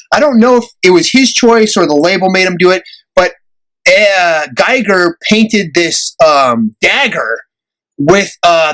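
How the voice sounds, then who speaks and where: A young man tells a story on his podcast in a loose, chatty way. His voice sits high and sounds bright and forceful. He laughs often and acts out the people in the story. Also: poor audio. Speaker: podcast host. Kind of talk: casual storytelling chat.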